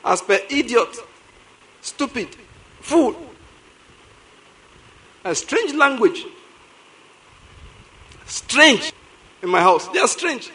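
A man's voice: extremely high pitch, very animated, extremely slow, pauses often, bright, forceful tone. A man with a Nigerian accent preaching a sermon as pastor, telling stories animatedly, repeating lines for emphasis and laughing often.

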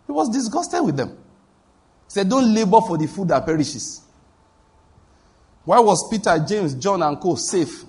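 A man's voice: high voice, very animated, measured pace, long pauses, darkish tone, husky. A man preaching a sermon as a pastor, telling stories and acting out the voices of the people in them. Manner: storytelling, acts out quoted voices, laughs at his own anecdotes.

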